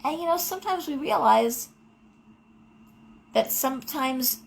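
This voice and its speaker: A middle-aged woman hosts a live tarot show, talking casually and drifting off into personal stories. Her high, expressive voice is creaky and measured, and the audio is poor with slight background noise.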